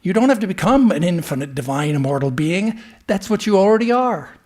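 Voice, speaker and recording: Husky-voiced swami telling a teaching story. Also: male voice, high-pitched, fairly quick. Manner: storytelling, animated, dropping to hushed tones. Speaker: swami giving a spiritual talk. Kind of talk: sermon with storytelling. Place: temple.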